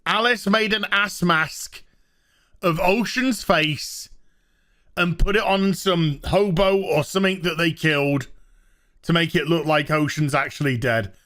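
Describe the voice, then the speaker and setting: A man's voice: on the high side, unhurried, pushed and bright. A man giving a sarcastic, swearing recap of a TV episode he dislikes, scornful and casual. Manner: swears freely. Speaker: TV show reviewer.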